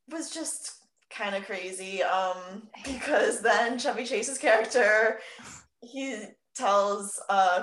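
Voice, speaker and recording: A woman's voice: mid-range voice, fairly bright tone. A woman co-hosting a casual podcast, talking in an exasperated way with lots of swearing and fillers. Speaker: podcast co-host. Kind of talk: casual chat. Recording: echoey room.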